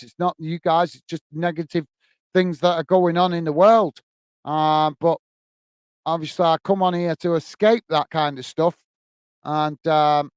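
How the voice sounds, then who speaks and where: A man's voice: sits high, clear, resonant tone, dry recording. A man hosting a football live stream, chatting casually and reading out viewer comments, often calling people mate. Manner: casual, says "mate" often, many fillers and restarts. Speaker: football channel host.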